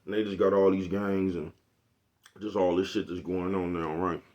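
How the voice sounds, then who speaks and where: Brief: streetwise Oakland man vlogging to his camera, low voice, rambling, profane. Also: level tone, normal speed, dark tone, muffled recording. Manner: streetwise, profane, rambling, constantly asks "you know what I'm talking about?". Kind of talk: casual monologue to camera.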